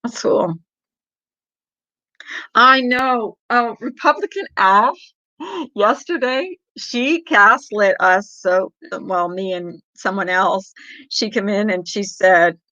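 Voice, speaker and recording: Middle-aged woman, chatty livestream host, rambling talk, frequent laughs, crisp bright voice, dry dull lo-fi mic. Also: mid-range voice, expressive, takes it slowly, no echo. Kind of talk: casual chat with viewers. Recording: dull lo-fi sound.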